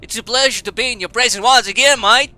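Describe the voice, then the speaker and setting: A man's voice: very high voice, quick pace, bright, forceful tone, no room sound, pitched above the performer's own voice, full character voice. A man voicing a brash male brawler from a video game, sliding into an Australian accent. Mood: cocky. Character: brash male brawler bragging in slangy tough-guy talk.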